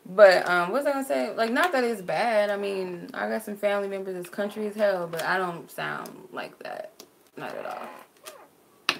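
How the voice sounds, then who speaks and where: A woman's voice: mid-range voice, moderate pace, vocal fry, noisy background. A woman from Arizona chatting casually on a livestream as a spiritual reader, answering viewers with frequent "like" fillers. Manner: chatty, many "like" fillers, laughs easily.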